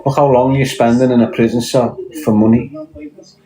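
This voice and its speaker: A man's voice: medium pitch, steady tone, moderate pace, dark tone, poor audio. A Scouse man talking bluntly in casual chat, swearing often and firing off rhetorical questions. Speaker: podcast guest.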